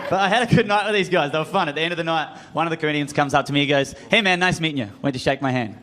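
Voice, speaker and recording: A man's voice: a little high, rapid-fire, fairly bright tone. An Australian man doing a stand-up comedy set on a club stage, self-mocking and acting out the voices in his stories. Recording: live club audience and room noise.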